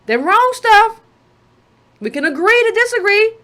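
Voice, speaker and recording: A woman's voice: extremely high pitch, very animated, unhurried, pushed and bright. A woman giving a sarcastic political commentary monologue, full of rhetorical questions and mocking asides.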